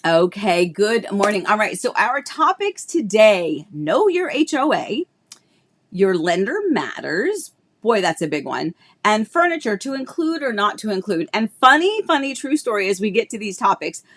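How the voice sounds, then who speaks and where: A woman's voice: medium pitch, big pitch swings, normal speed, a bit bright. A middle-aged woman real estate agent hosting a casual live stream, bubbly and chatty, greeting viewers by name, with a tickle in her throat. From Florida, United States.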